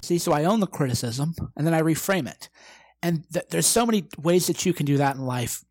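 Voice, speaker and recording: A man's voice: fairly high pitch, animated, a little fast, a little mellow, no echo. A brash man, likely in his twenties, giving a profane motivational talk and acting out quoted exchanges. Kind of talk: direct-to-camera motivational talk.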